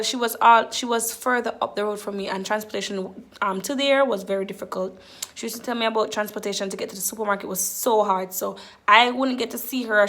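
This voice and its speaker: A young Jamaican woman of about nineteen telling a story to camera in a lively, casual way, slipping into Jamaican patois. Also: a little high. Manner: animated, slips into Jamaican patois. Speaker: vlogger.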